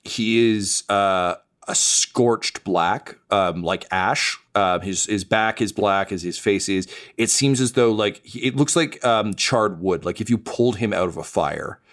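Brief: male game master, lowish voice, halting, crude, lots of ums. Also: a bit bright. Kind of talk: narrating a tabletop game.

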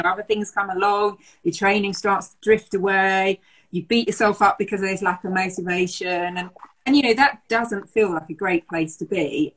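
Measured, husky-voiced woman running coach. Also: on the low side, low-quality recording. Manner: reflective, measured, with gentle laughs. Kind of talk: casual chat.

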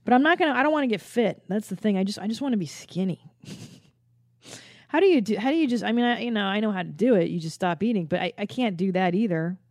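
A woman's voice: mid-range voice, animated, fast, darkish tone, no echo, studio quality. A woman in her forties from the Los Angeles area hosting a podcast, rambling in a casual, profane and self-mocking comedic monologue. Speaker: podcast host.

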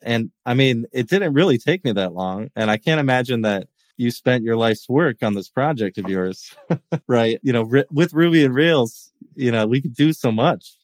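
A man's voice: medium pitch, expressive, normal speed, dry recording. Laughing, rambling American man. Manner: laughs often, rambling with restarts. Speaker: podcast co-host. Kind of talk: casual tech chat.

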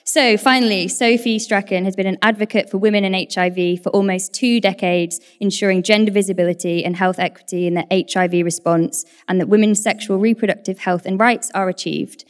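A woman's voice: mid-range voice, steady tone, brisk, few pauses. A woman hosting a live event, reading a guest's introduction and then speaking informally about a podcast episode. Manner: reads guest bios, then talks warmly and informally. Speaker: event host.

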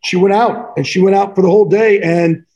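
A man with a high, mellow voice talks through personal stories as an interview guest, earnest and rambling, dropping "man" and "like" as he goes. The audio is dull and slightly muffled. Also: steady tone, brisk. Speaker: author and trainer of athletes, interview guest. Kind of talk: candid personal storytelling in conversation.

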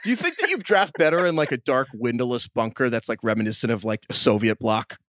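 A man co-hosting a podcast in casual chat, riffing through quick jokey tangents. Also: mid-range voice, lively intonation, a bit bright, no room sound, clean studio sound. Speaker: podcast co-host.

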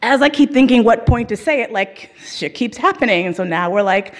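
A woman telling a comic story, swearing freely and laughing as she goes, with lively swings in her voice. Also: on the high side, brisk. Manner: profane, laughing through the telling.

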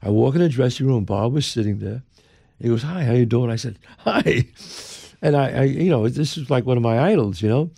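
With a fairly quick pace, vocal fry, and a breathy edge to his mid-range voice, an older man from the Bronx recounts a story in a New York accent. He's an animated, emphatic interview guest who acts out whoever he quotes. The studio-quality audio has no echo.

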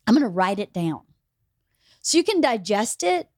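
A middle-aged woman hosting a podcast in casual chat, an animated storyteller who acts out quoted lines with big jumps in her voice. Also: mid-range voice, normal speed, dry recording, studio quality. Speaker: podcast host.

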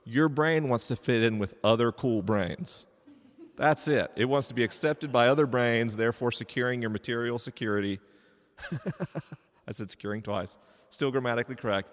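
Animated man joking in a reverberant hall. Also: fairly low pitch. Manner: animated, joking, addressing the crowd. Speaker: podcast host giving a live talk. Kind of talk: live talk to an audience. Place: large stone church, live event. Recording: live hall with long reverb.

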